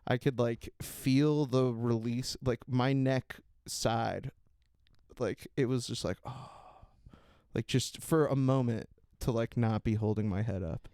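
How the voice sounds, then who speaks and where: A man's voice: medium pitch, steady tone, slow pace, darkish tone, clean tone, no room sound, clean studio sound. A man, a stand-up comedian, chatting on a podcast in a rambling way, full of "like" and "dude", laughing easily. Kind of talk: casual chat. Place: podcast room with brick walls.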